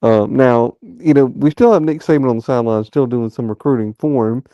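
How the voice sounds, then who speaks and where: A man hosting a fan call-in show, giving his opinions in a drawn-out, stammering way. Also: mid-range voice, warm tone, no echo, highs cut off. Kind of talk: casual sports talk.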